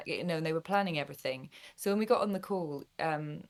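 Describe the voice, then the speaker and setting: A young woman, a voice actor, chatting in an interview, bubbly and quick to laugh. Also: sits low. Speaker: guest voice actor. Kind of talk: casual interview chat.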